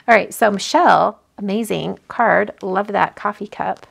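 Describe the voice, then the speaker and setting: Her voice is medium-pitched, gravelly, and husky, delivered at a normal speed. As a card-making livestream host, she opens cards from viewers in a casual live chat, gushing, chatty, and heavy on fillers as she thinks out loud.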